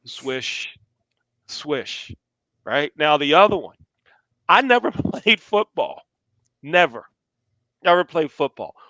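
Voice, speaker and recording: A man's voice: a little high, measured pace, long pauses, no echo. An older man casually telling stories from his youth, acting out the people he quotes. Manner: animated storyteller acting out quotes. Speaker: storyteller guest.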